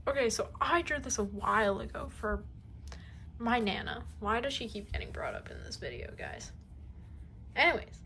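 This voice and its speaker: A woman's voice: a little high, fairly bright tone, slight background noise, rough recording. A woman giving a casual tour of her sketchbook, gushing and rambling, often trailing off into mumbles. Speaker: artist showing her sketchbook.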